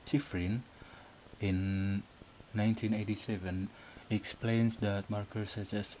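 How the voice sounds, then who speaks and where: Slow, hesitant man presenting a lesson. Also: on the low side, steady tone, dark tone, a little hiss or hum, rough recording. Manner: hesitant, many fillers and restarts. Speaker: student presenter. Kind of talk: academic presentation.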